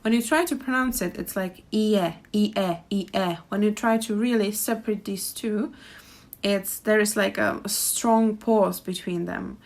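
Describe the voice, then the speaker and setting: A woman's voice: medium pitch, fairly even intonation, unhurried, creaky. A young woman with a Czech accent, teaching pronunciation and repeating words carefully for learners. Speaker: language teacher. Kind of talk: pronunciation lesson.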